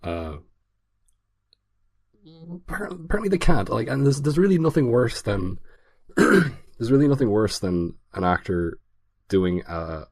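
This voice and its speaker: A man's voice: mid-range voice, big pitch swings, a little slow, long pauses, a little mellow, dry recording, studio quality. A man co-hosting a casual film review podcast, talking hesitantly with many fillers and restarts. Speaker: podcast co-host.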